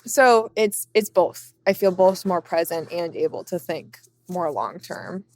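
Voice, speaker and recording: A woman's voice: fairly low pitch, very animated, measured pace, a little mellow. A young woman talking casually as a podcast guest, filling her sentences with "like" as she reflects on her path. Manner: chatty, many "like" fillers. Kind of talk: casual conversation.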